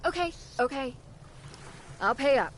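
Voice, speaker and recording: An actress playing a tired, exasperated potion merchant in a video game, talking in an everyday, put-upon way. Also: female voice, mid-range voice, moderate pace, slight background noise, natural voice. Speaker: shopkeeper.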